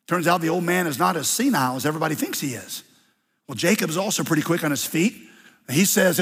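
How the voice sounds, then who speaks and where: Husky pastor in a reverberant hall. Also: male voice, a little high, lively intonation, fast, a bit bright. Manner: conversational, wry storytelling. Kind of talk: sermon.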